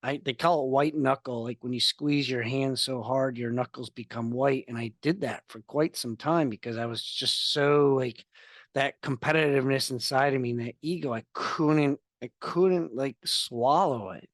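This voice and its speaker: A man's voice: medium pitch, fairly even intonation, moderate pace, fairly bright tone, dry recording, studio quality. A man, a podcast guest on a video call, speaking earnestly and candidly about his own experience. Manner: earnest, confessional storytelling. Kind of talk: candid interview talk.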